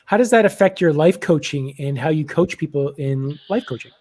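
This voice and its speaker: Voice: medium pitch, animated, moderate pace, warm tone. A panelist on a video call praising the last speaker and asking a curious follow-up question.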